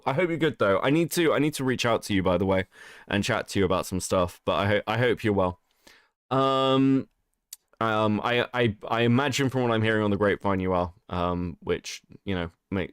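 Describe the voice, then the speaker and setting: A man's voice: fairly low pitch, smooth, no room sound, studio quality. Sick, swearing male streamer. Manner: swears a lot, laughs often, reads chat aloud. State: sick, rough voice. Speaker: streamer host. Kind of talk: casual livestream chat.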